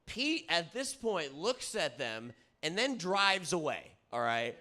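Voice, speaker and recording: A rowdy young man spins a sweary story among friends, his voice bright and cutting. He sits a little higher than most men and keeps pausing to ask if everyone is following, growing louder as he gets excited. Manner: rowdy, swearing, keeps saying "all right?" and "dude"; gets loud and excited at times. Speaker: comedy podcast host. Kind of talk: casual storytelling chat.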